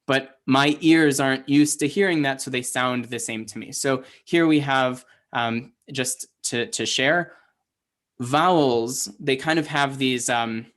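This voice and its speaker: A man's voice: mid-range voice, unhurried, fairly bright tone. Man teaching a class, stepwise and chatty. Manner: explains step by step, quizzes learners, many fillers. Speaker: Hebrew teacher.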